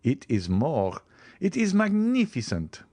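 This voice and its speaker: Guy doing a plain polite notary, chatty and eager, lively ups and downs. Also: fairly high pitch, slow pace, dry recording, pitched above the performer's own voice, heavily acted. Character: plain, fee-minded provincial male notary.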